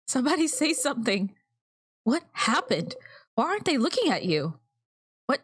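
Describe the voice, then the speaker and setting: A woman commenting on a game she is playing, with an animated, incredulous manner. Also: a little high, normal speed, pauses often, slight background noise. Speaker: let's player. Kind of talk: gameplay commentary.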